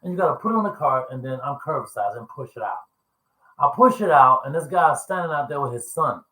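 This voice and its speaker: A vlogger in his fifties rambles casually through work stories in an echoey room, laughing often and swearing as he retells what people said. His voice is on the high side, bright, and forceful, with an expressive, brisk delivery. He is chatty and quotes people with coarse language.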